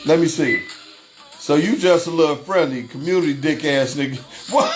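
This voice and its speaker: On a casual livestream, a man reads chat aloud, swears freely, laughs a lot and repeats himself. His voice is on the high side at a moderate pace, with music playing in the background.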